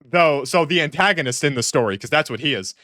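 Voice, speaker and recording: A man's voice: on the high side, lively intonation, quick pace, pushed and bright, dry recording, clean studio sound. A man giving comedic reaction commentary in an exasperated, rambling way, often restarting sentences. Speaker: online commentator.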